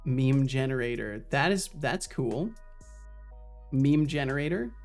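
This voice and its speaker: A man's voice: medium pitch, lively intonation, a little slow, darkish tone. A male streamer chatting casually with his viewers while he works on his game. He rambles in loose, half-finished sentences, restarting often and swearing freely. Faint music plays behind him. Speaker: streamer and solo game developer. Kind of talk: casual live-stream chat.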